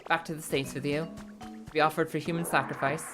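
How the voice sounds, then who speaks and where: A woman's voice: low voice, little pitch movement, brisk, over music, close to an everyday voice. A woman voicing a stern official who curtly scolds and sends someone away. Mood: dismissive. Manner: curt, scolding. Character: stern British border official turning away an American.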